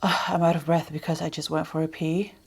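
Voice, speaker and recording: A woman with a fairly low, gravelly voice talks casually through a makeup tutorial. She rambles and drifts into soft muttered asides. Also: flat delivery, a little fast. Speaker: beauty vlogger.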